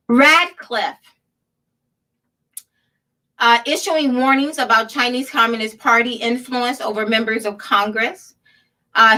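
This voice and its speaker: Sarcastic woman with a bright, high voice. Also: distant mic, low-quality recording. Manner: sarcastic, laughs often, reads headlines aloud. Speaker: show host. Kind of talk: political commentary.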